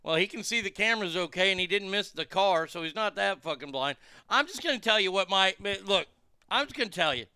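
A man's voice: high voice, expressive, fairly quick, pushed and bright, clean tone, no echo, studio quality. A man in a car giving crude, angry commentary while reacting to a news clip. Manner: angry, crude, blunt, heated. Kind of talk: profane ranting commentary.

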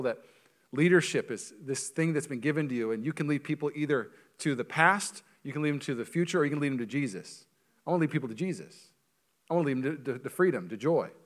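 A male pastor preaching a sermon in a church, animated and joking, with quick asides. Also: a little high.

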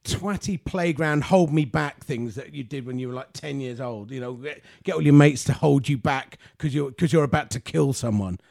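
A man's voice: medium pitch, moderate pace, creaky, few pauses, a little mellow. A man, a regular on a podcast, giving blunt opinions and swearing casually. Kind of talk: casual chat.

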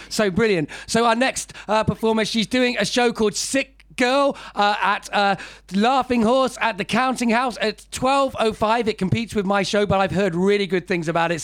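A man's voice: sits high, no room sound. A man compering a comedy night on a club stage, flustered and hesitant as he introduces the next act. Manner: flustered, hesitant, with many restarts. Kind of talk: introducing acts.

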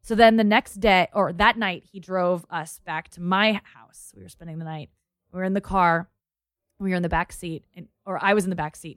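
A woman's voice: lowish voice, fairly bright tone, dry recording. Woman telling a story, dry close sound. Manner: storytelling, quoting people in her tale. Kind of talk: casual chat.

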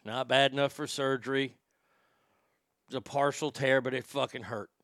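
A man's voice: mid-range voice, fairly even intonation, normal speed, a bit bright, no echo, clean studio sound, lightly acted. A man playing a crude, brash middle-aged radio shock-jock who swears freely and rambles with tobacco in his mouth. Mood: rambling. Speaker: radio host. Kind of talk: comedic radio show monologue.

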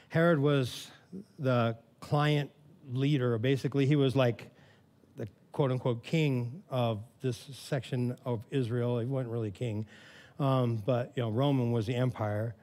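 A man preaching a sermon in a casual, animated storytelling way, often saying "man" and "all right", rising to loud, excited preaching. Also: medium pitch, measured pace. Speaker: pastor.

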